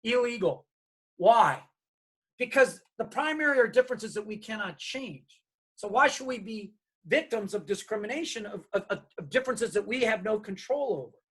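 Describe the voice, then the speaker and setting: Husky-voiced man leading a workshop. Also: sits high, moderate pace. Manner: animated, acts out quoted dialogue. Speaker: diversity trainer. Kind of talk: workshop presentation with stories.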